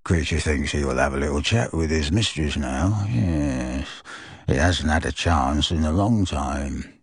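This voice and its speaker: Guy doing a wheezy old house elf, low and sly, gloaty and slow. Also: expressive, slightly rough, dry recording, clean studio sound, full character voice. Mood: gloating. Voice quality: wheezy cackling. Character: old male house elf, spiteful, gleeful. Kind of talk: reading a novel aloud.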